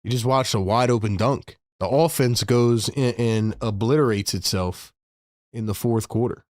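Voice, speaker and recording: A man's voice: medium pitch, normal speed, a little mellow, dry recording, studio quality. A man hosting a live fan broadcast, calling the plays and scolding the team in exasperation. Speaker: host calling live play-by-play. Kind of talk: fan play-by-play and rant.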